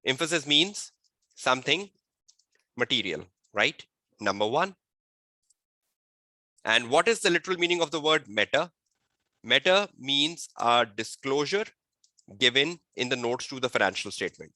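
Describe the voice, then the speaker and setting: A male audit tutor giving an online exam-prep lecture, repeating key phrases and quizzing his listeners, slowing to a dictation pace to state the rules. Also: mid-range voice, big pitch swings, sharp tone, no room sound. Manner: slow dictation-like delivery when stating rules. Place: webinar.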